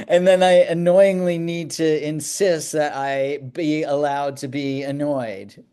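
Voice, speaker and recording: A man's voice: on the high side, measured pace, few pauses, mellow, clear, resonant tone. A man in a casual podcast chat, easygoing and laughing often.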